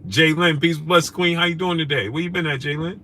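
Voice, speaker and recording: A man from New with a bright, forceful voice hosts a loose live stream, greeting viewers by name in casual slang. A faint hum of noise sits behind him. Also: a little high, steady tone, a little fast. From New York. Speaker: host. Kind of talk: casual live-stream chat, reading super chats.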